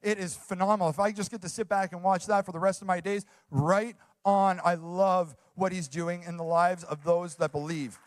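A man's voice: sits high, fairly even intonation, moderate pace, hardly any pauses. A young man preaching a sermon as a youth pastor, earnest and enthusiastic, repeating phrases for emphasis.

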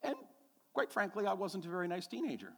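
Pastor preaching with lively, rising emphasis. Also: male voice, sits high, fast talker, husky, big-room sound. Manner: storytelling, rising to emphatic repeated declarations. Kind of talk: sermon.

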